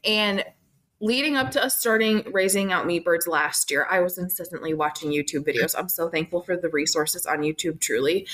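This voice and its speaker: A woman co-hosting a podcast in relaxed conversation. Her voice sits fairly low, and she talks in a chatty, reflective way, circling through her thoughts with plenty of "like" and "um". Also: rough recording. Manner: chatty, filler-heavy, reflective. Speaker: podcast co-host. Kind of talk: casual chat.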